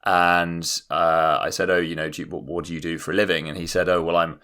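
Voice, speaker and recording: A man's voice: sits low, little pitch movement, brisk, pushed and bright. A young British man from London co-hosting a comedy podcast, telling anecdotes in a wry, dry way. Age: young adult. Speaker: podcast co-host. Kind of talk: casual comedic storytelling.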